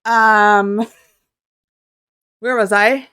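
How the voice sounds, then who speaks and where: A young woman telling a story in a casual vlog at home, excitable and flustered, rambling and swearing as she goes. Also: mid-range voice, drawn-out words, clear, resonant tone, no echo, studio quality. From Canada. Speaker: vlogger.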